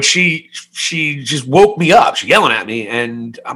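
He speaks briskly in a medium pitch, pushed and bright, with big swings in pitch. A forties-aged podcast co-host, he's in casual conversation, rambling through an open personal story and cracking jokes at his own expense.

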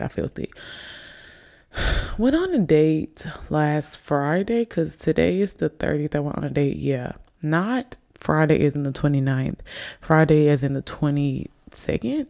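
Tipsy woman with a gravelly voice. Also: deep voice, lively intonation, unhurried, mellow. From Alabama, US. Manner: chatty, rambling, addresses listeners as y'all. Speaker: podcast host. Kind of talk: casual solo podcast chat. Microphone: desk microphone on camera.

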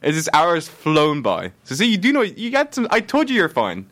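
A man's voice: fairly high pitch, background noise. A young man hosting a student radio show, chatting and joking with a guest. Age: young adult. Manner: fast, joking, animated. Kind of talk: casual chat.

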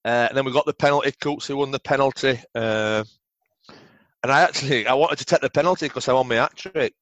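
Swearing Yorkshire ex-footballer, dry muffled sound. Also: male voice, mid-range voice, brisk, fairly bright tone, dry recording. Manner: swears freely, rambling anecdotes. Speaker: podcast guest, former footballer. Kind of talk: casual storytelling interview.

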